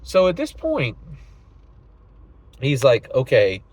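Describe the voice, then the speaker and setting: A man's voice: mid-range voice, big pitch swings, normal speed, slightly rough, rough recording. A man talking casually to the camera about politics in a loose, rambling way, often tagging his lines with "right?". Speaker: political vlogger. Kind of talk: casual monologue commentary.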